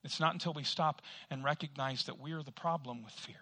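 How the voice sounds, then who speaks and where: A man's voice: on the high side, fairly quick, bright, forceful tone, husky, no room sound. A man preaching a sermon, emphatic and full of rhetorical questions, acting out dialogues. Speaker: pastor.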